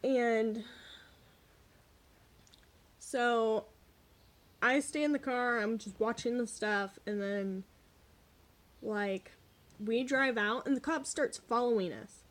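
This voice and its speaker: A young adult woman telling a candid, animated story in a casual vlog, swearing freely as she goes. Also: fairly high pitch, slow pace, pauses often. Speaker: vlogger.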